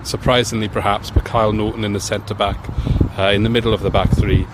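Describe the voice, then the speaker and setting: Man over steady background noise. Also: fairly low pitch, fast. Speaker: guest podcaster. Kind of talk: casual football chat.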